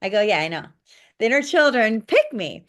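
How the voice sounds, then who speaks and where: A woman spiritual coach, a podcast guest, telling client stories in an animated, blunt way, swearing casually and acting out quotes. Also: on the high side, fairly quick. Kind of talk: interview storytelling.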